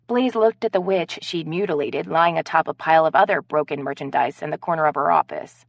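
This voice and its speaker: A woman narrating an audiobook in a matter-of-fact, even manner. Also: low voice, a little fast, creaky, few pauses, no room sound. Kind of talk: scripted narration.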